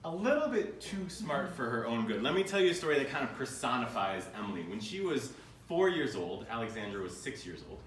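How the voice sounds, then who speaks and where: American man, 30s, animated keynote storyteller with jokes, heard from a distance in a roomy hall with faint noise. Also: medium pitch, fairly quick. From United States. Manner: storytelling with jokes and playful asides. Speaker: keynote speaker. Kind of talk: humorous live keynote talk. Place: conference room.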